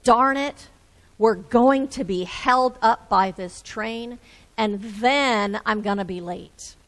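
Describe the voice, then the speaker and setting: An exasperated, busy father grumbles about being held up, as a woman voices him. The voice stays fairly high and is delivered slowly. He sounds fuming and impatient. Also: big pitch swings, a bit bright, big-room sound, full character voice.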